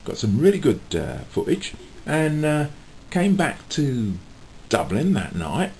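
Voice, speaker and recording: A man's voice: a little high, wildly swooping pitch, slow pace, creaky, a little mellow, a little hiss or hum. A man casually chatting to camera in a rambling, chatty way, full of fillers and little chuckles. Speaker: vlogger and street musician.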